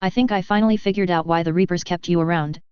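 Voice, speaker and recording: A woman reading a cold, calculating male alien commander who muses out loud in a cool tone. The voice is low and smooth, and the sound is dull and dry. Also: fairly even intonation, fast, dry recording, natural voice. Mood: musing. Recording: dull, muffled dry recording.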